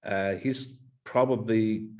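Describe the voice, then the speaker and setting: A man's voice: lowish voice, steady tone, takes it slowly, darkish tone. A man hosting a casual fantasy football podcast, asking his cohosts questions in a playful, joking way. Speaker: podcast host.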